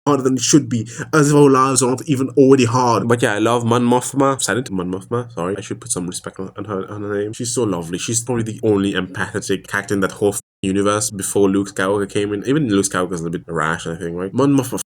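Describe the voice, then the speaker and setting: A man's voice: lowish voice, fast, hardly any pauses. A man in his twenties venting to the camera, tired and distressed, rambling with stumbling restarts, repeated phrases and swearing. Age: 20s. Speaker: vlogger. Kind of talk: emotional venting monologue to camera.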